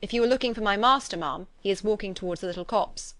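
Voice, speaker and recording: Female reader as brisk dutiful butler, formal and fast. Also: mid-range voice, fairly bright tone, no room sound, lightly acted.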